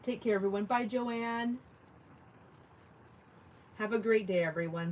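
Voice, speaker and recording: A woman's voice: mid-range voice, level tone, moderate pace, pauses often, a little mellow, slight background noise. A middle-aged woman hosting a casual craft livestream, chatting, laughing often and reading viewer comments aloud while she works. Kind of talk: casual live-stream chat while crafting.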